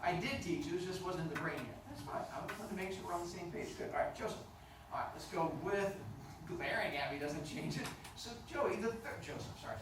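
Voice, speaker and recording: A man's voice: high-pitched, fast. A middle-aged man teaching a class, teasing his students in a playful, mock-stern way. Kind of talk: classroom instruction. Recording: echoey classroom from far off, noisy.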